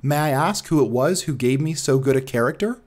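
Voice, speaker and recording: A man's voice: medium pitch, a little fast, a little mellow, close to an everyday voice. A man voicing a polite, earnest young engineer telling his story in an audiobook reading.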